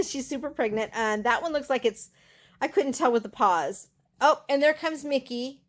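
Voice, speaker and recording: A woman's voice: high voice, expressive, moderate pace. An older retired woman chatting in a rambling way in a casual home vlog, filmed on a handheld phone in her living room. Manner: chatty, rambling, with many fillers and restarts. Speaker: home crafter and small-business owner. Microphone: handheld phone camera.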